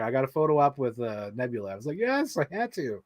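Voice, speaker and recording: A man's voice: a little high, sing-song, quick pace, no echo. Emotional, rambling man with a dry, close sound. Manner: rambling and emotional, filler-heavy, laughing often. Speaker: vlog host. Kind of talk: casual chat.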